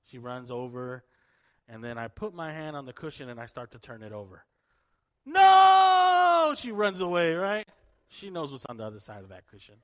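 A middle-aged man, a pastor, preaching a sermon with a personal story and prayer, animated and rising to emphatic peaks. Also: medium pitch, fast talker.

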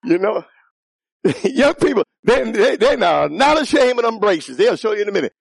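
A man preaching a sermon in a church, calling out questions to the congregation, teasing with laughs and rising to shouts. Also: high voice, big pitch swings, normal speed, vocal fry, no echo, studio quality. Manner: playful teasing asides with laughter.

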